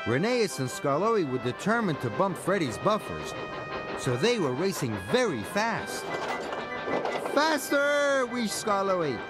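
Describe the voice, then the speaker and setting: A man narrating a children's storybook in a slow, sing-song reading over music. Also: on the high side.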